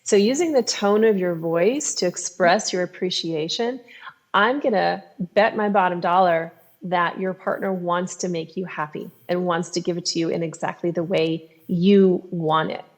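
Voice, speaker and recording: A woman sex therapist talking on a podcast, explaining advice in a calm, instructive way. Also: fairly low pitch, normal speed.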